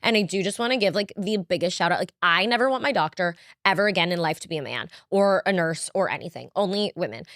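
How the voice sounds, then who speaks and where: Fast-talking young woman podcast co-host. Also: fairly low pitch, lively intonation, a bit bright, no room sound, clean studio sound. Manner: rambling, heavy use of "like", casual swearing. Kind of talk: casual chat.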